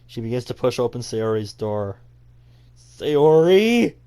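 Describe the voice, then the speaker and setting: A man's voice: on the low side, steady tone, normal speed. A young man reading a visual novel aloud as a let's play host, with dry, sarcastic asides. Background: faint game music.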